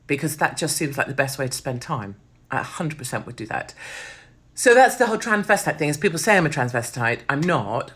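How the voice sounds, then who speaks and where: Middle-aged british woman, hoarse, sweary and blunt, chatting to camera in a bright edgy voice. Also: fairly low pitch. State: hoarse, losing her voice. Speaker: vlogger. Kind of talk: casual vlog monologue.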